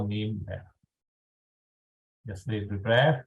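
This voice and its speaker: A man leading a guided tapping exercise over a video call, speaking calmly and checking in often with his listeners. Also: fairly low pitch, low-quality recording. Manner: slow, calm instructional pacing with frequent "all right". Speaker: EFT tapping instructor.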